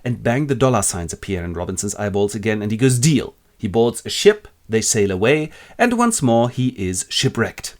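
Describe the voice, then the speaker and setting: A man's voice: fairly low pitch, sing-song, normal speed, hardly any pauses. A man narrating a comic literature summary in a wry, ironic, playful way.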